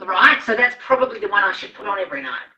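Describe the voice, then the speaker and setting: A woman's voice: mid-range voice, lively intonation, fast talker, sharp tone, lo-fi sound. A woman hosting a casual live chat as a manifestation coach, enthusiastic and encouraging, swearing casually.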